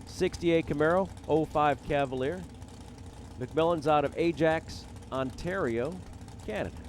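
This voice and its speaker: A man with a slightly raised voice calls a drag strip live, rattling off racers, hometowns and times. He mixes the numbers with jokes at his own expense. Loud race cars roar behind his voice. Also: on the high side, measured pace, a little hiss or hum. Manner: jokey, self-deprecating, rattles off names and times. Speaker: drag racing announcer.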